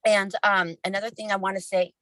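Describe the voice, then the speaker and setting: A woman giving a casual, energetic motivational talk on a livestream, chatty, with quick asides and self-interruptions. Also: medium pitch, no echo, rough recording. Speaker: team leader sharing a conference recap.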